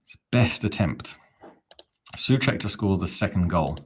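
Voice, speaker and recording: A man's voice: sits low, expressive, measured pace, slight background noise. A man hosting a live fan watch-along, talking in a chatty, rambling, self-mocking way. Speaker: fan channel host.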